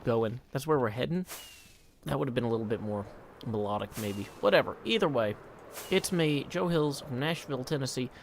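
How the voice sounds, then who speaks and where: Lively, chatty male streamer. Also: mid-range voice, fairly quick, slight background noise. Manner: chatty, jokey, reads viewer messages aloud. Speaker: live streamer. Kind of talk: casual live-stream chat while gaming.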